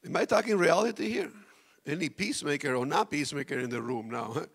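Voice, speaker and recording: Talking fast in a fairly high, gravelly, slightly rough voice, a male pastor delivers a sermon. He shifts between loud bursts and quiet near-whispers, putting questions straight to the congregation.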